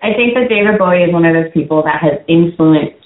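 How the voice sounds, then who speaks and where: A woman's voice: on the low side, quick pace. A woman co-hosting a radio talk show, speaking in an earnest, thoughtful way. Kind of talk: casual talk show conversation. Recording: echoey phone-like sound.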